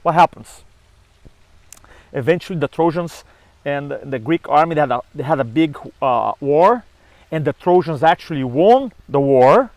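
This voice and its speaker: Man, high-pitched, animated storyteller, dry recording. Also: moderate pace, dry recording, poor audio. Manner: animated storyteller acting out dialogue. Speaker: speaking coach. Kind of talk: storytelling to camera.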